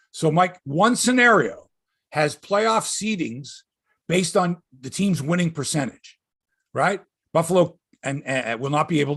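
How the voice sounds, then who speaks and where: A man's voice: fairly high pitch, a bit bright, slightly rough, no room sound, clean studio sound. A man hosting a sports podcast, telling rambling, profane stories in casual chat.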